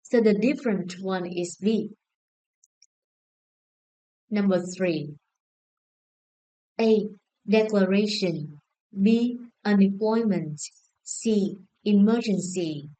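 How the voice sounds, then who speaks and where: Slow, mellow Vietnamese-accented woman teacher. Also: medium pitch, low-quality recording. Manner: slow, deliberate, spelling out each word and syllable. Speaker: English teacher. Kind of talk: scripted lesson narration.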